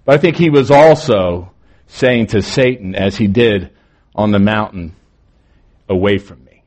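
A male pastor preaching a morning sermon, moving between emphatic lines and quieter, drawn-out phrases. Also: on the low side.

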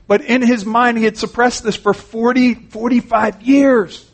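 Man, preacher, sermon, high-pitched voice, earnest, conversational, restarts. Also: fairly even intonation, unhurried, slightly rough.

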